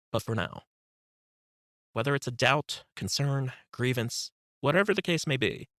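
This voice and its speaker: Male audiobook narrator, meditation guide, calm and instructive, bright voice, dry booth. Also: medium pitch, no room sound. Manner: calm, instructive, slow cues.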